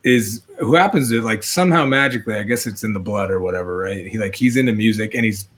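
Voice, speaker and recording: A man's voice: fairly low pitch, fast talker. A man, a father, talking casually in a loose, rambling way full of fillers. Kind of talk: casual chat.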